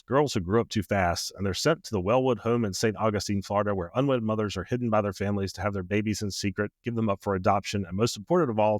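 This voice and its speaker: Man, podcast co-host, low voice, dry close mic, relaxed casual chat with easy laughs. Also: no echo. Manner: relaxed, reads book blurbs aloud with frequent "uh"s and easy laughs.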